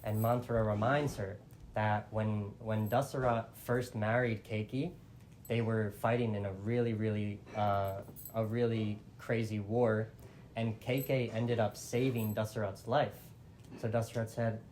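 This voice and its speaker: A man's voice: fairly low pitch, little pitch movement, measured pace, a little mellow, a little hiss or hum. A man telling an old epic in a casual, chatty way, full of fillers like "like" and small restarts. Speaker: storyteller. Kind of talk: casual oral storytelling.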